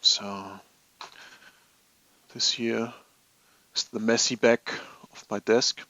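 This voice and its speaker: Man, casual live-stream host, rambling and amused, unhurried, dull lo-fi mic. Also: mid-range voice, level tone, sharp tone, no room sound. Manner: rambling, chatty, laughs at his own stories. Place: home office at his desk.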